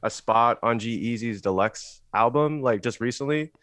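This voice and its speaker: A young man from the San Francisco Bay Area, a musician guest in a relaxed interview, who rambles and corrects himself as he talks. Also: medium pitch, dry recording, studio quality. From San Francisco Bay Area, USA. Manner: rambling, halting, self-correcting. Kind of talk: casual interview chat.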